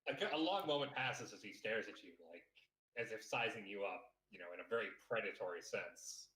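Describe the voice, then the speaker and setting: A man's voice: on the low side, brisk, bright, forceful tone. A man chatting casually while gaming, jokey and playfully dramatic. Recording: echoey room with faint noise.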